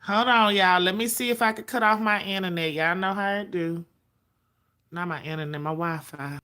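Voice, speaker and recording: A woman's voice: medium pitch, normal speed, sharp tone. Sassy woman chatting on a livestream. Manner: sassy, profane, greets viewers by name. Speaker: livestream host. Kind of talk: casual livestream chat.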